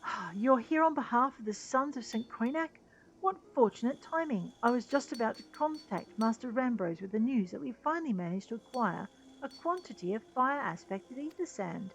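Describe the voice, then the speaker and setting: A woman's voice: a little high, animated, normal speed, pitched above the performer's own voice, rough recording. A woman voicing a polite, formal male shopkeeper in a game, speaking with courteous formality.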